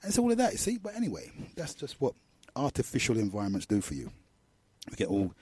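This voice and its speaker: Middle-aged London radio host, rambling and slangy, warm low-key tone, dry close sound. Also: male voice, wildly swooping pitch, fast, husky, no room sound. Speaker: radio talk show host. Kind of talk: casual monologue.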